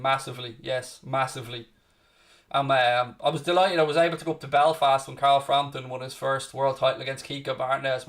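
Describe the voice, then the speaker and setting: Hosting a live football watchalong, a man from Ireland chats casually, fields viewer questions and calls people "mate". He has a mid-range, fairly bright voice.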